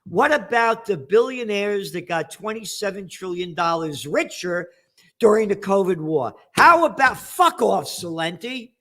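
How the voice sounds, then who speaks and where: A man's voice: sits high, animated, unhurried, a bit bright. Angry older man ranting profanely. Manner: angry, profane, emphatic ranting with sarcastic mock quotes. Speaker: trends forecaster hosting a news commentary. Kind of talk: ranting news commentary.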